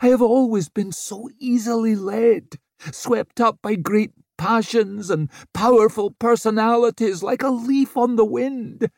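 A high, babbling, snivelling prisoner. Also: male voice, unhurried, a little mellow, no room sound, clean studio sound. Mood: begging. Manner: babbling, pleading. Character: snivelling weak male prisoner begging for mercy.

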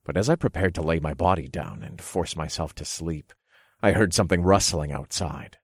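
A man narrating an erotic audiobook in the first person, calm and commanding. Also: deep voice, normal speed, husky, no room sound, clean studio sound.

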